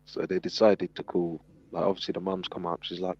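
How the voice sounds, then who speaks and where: Deep gravelly storyteller man. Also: brisk, few pauses. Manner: animated storyteller, acts out quotes. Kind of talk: casual storytelling. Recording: dull lo-fi sound.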